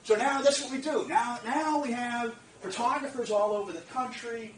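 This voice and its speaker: A man telling a lively story to a lecture audience, laughing, repeating phrases and checking in with the listeners. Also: extremely high pitch, moderate pace, a little hiss or hum. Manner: animated, laughing, repeats phrases, asks the audience "you get what I'm saying?". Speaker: speaker at a lecture event. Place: lecture room. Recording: roomy, distant from the mic, faint ambience.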